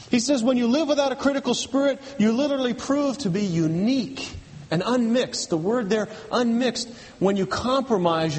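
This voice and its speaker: High-voiced man preaching in a reverberant hall. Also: darkish tone. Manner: emphatic, repetitive preaching with rhetorical questions. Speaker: pastor. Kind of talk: sermon.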